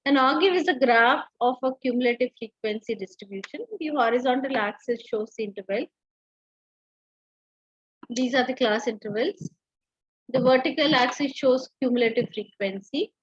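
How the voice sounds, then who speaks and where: Woman lecturing with a husky voice. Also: on the high side, moderate pace, no room sound, dull audio. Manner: explanatory, with frequent fillers and restarts. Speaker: teacher. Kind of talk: online lecture.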